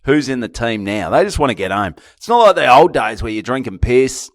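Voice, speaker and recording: A man's voice: medium pitch, expressive, brisk, no room sound, clean studio sound. A man with an Australian accent, co-hosting a podcast, talking bluntly with lots of swearing and teasing. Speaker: podcast co-host, comedian. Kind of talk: casual banter.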